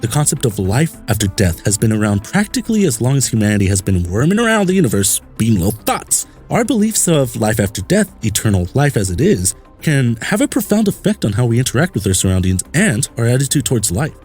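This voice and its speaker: A man's voice: mid-range voice, big pitch swings, brisk, few pauses, a little mellow, faint music behind. A man hosting a comedic podcast, rambling through his topic with crude jokes. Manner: rambling, crude and jokey, slipping into silly voices and laughs. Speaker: podcast host.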